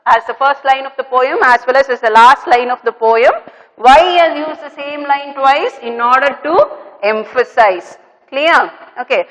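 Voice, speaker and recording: A middle-aged woman teacher with a fairly high voice explains a poem to her students. She repeats her points and keeps checking in with "okay". Her voice rings with a long reverb. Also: a bit bright. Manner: repetitive, checking with "okay" and "clear?". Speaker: English teacher. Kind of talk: classroom lesson explaining a poem.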